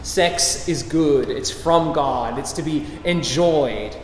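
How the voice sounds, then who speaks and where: A man's voice: on the high side, slow, a little hiss or hum. A man preaching a sermon, emphatic and repetitive, with light chuckles. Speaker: pastor. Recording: echoey hall with faint ambience.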